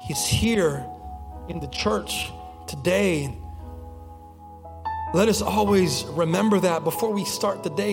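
A man's voice: sits high, takes it slowly, vocal fry, pauses often, long reverb tail, over music. A young man preaching a sermon as pastor, telling stories in a conversational way with frequent restarts. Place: church sanctuary.

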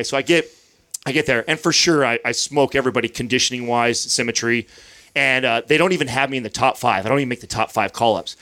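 A man's voice: medium pitch, fast, sharp tone. A man in his thirties hosting a podcast, telling a long story in casual chat, swearing freely and acting out what others said. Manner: profane, storytelling with acted-out quotes. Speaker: podcast host.

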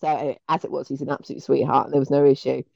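Co-hosting a podcast, a woman tells stories in casual, sweary chat, laughing partway through. Her voice is a rumbling low, gravelly and darkish, steady in tone but racing along. There's no echo, though the audio is dull.

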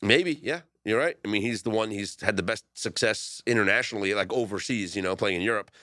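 A man's voice: on the low side, brisk, dry recording, clean studio sound. A man hosting a sports betting talk show, chatting casually and animatedly with his co-hosts. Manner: animated, laughs often, rising excitement.

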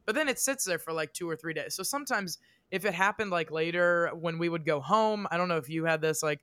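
A theatrical, jokey man from the Midwest co-hosts a casual podcast chat. His voice sits high and bright, with a smooth, crisp tone. The sound is dry and close. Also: a little fast, dry recording. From American Midwest. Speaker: podcast co-host.

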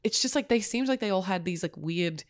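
A woman's voice: medium pitch, animated, a little fast, dry recording. Dry-miked chatty woman co-host. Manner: chatty, laughs often, swears casually. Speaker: podcast co-host. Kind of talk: casual film chat.

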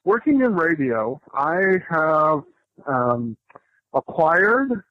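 A man who works in radio leaves a rambling, casual voicemail, interrupting himself as he goes. His slightly high voice is sing-song and very slow, and the voicemail audio is dull and lo-fi.

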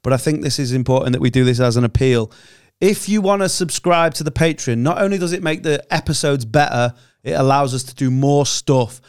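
A man's voice: mid-range voice, steady tone, brisk, darkish tone, smooth, no echo, clean studio sound. A man co-hosting a podcast, reading a support appeal in a mock-serious, playful way. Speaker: podcast co-host. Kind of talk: ad read.

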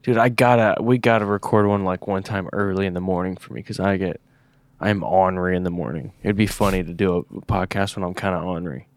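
A man's voice: deep voice, fairly even intonation, fairly quick, dry recording. A man co-hosting a podcast, telling a rambling, profane story in casual chat. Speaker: podcast co-host.

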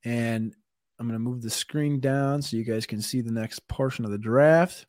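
A man's voice: medium pitch, normal speed, a little mellow, dry recording, clean studio sound. A man co-hosting a fantasy football draft show, talking through picks in a rambling, casual way, sometimes stuttering on names. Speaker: podcast co-host.

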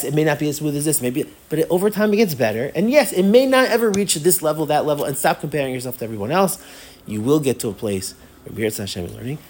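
A man's voice: on the high side, darkish tone. A man teaching a Torah class as a rabbi, with playful, self-mocking humor and words he often repeats as he thinks aloud. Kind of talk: animated Torah lecture.

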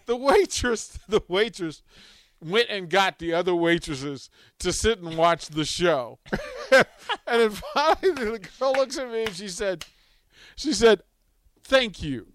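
A man's voice: high-pitched, sing-song, a little slow, no echo. A man hosting a talk radio show, telling a funny story with lots of laughter.

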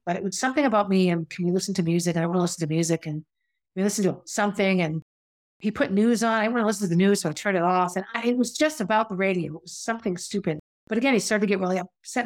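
Woman, mid-pitched voice, confessional personal storytelling, casual restarts, reflective. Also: quick pace. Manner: conversational, with frequent restarts and asides. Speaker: podcast host telling her own story.

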